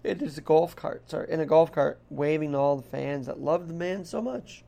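In a fake Irish brogue, this podcast host wanders chattily between topics in a casual solo monologue. He speaks at normal speed, and his voice is on the high side, creaky and dark in tone.

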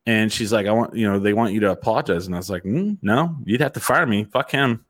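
A middle-aged man telling a profane, animated story in casual chat as a host. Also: fairly low pitch, fast talker.

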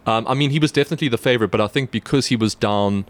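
A man's voice: mid-range voice, racing. A man reporting on sports, chatting casually with colleagues, with lots of fillers and restarts. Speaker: sports reporter co-hosting a podcast. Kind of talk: casual chat.

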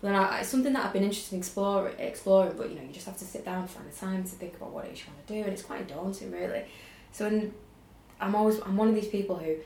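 A woman's voice: mid-range voice, rapid-fire, darkish tone. A woman, a designer and illustrator, chatting as a guest in a self-deprecating way with frequent laughter. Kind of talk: casual chat. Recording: echoey room with faint hiss.

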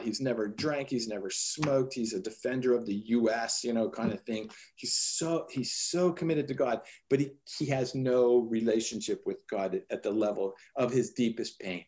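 A man's voice: mid-range voice, normal speed. Earnest man telling a story. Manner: earnest, animated retelling with quoted dialogue. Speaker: guest telling a personal story. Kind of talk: conversational storytelling.

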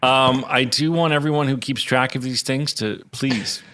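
A man co-hosts a podcast in casual chat, teasing and laughing with his friend. His voice sits at an ordinary mid pitch. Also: moderate pace, bright, forceful tone, a little hiss or hum. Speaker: podcast co-host.

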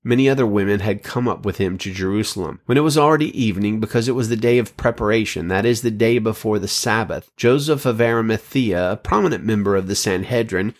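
A man's voice: fairly low pitch, quick pace, few pauses. Earnest male preacher reading scripture. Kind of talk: sermon reading scripture and quotations.

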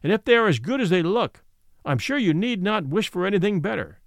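A man's voice: high voice, expressive, brisk, no room sound, clean studio sound. A man voicing a stern, principled country squire scolding others.

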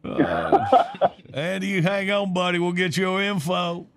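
A man's voice: sits high, flat delivery, measured pace, gravelly, fairly bright tone. A man hosting a morning radio show, bantering in a folksy, joking way and laughing often.

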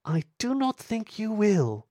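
A man voicing a sly, aristocratic female husky thief with a smooth, teasing voice. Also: high voice, sing-song, mellow, no echo, clean studio sound, voice pushed up, exaggerated voice. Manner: teasing, unhurried.

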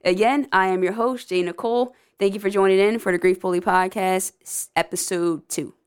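An upbeat woman hosts a podcast and talks straight to her listeners. Her voice is smooth and clear, set at a middle pitch, and her tone stays encouraging. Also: fairly even intonation, fairly quick. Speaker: podcast host. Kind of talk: casual podcast monologue.

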